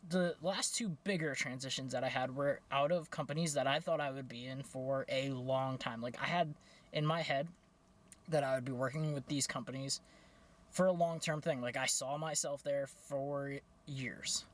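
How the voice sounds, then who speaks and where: A young man chats candidly to his camera while telling a story about his life. He talks in a loose, casual way, full of fillers and quick self-corrections, and his voice sits at an ordinary middle pitch. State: out of breath. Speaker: vlogger. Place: home, then in his car.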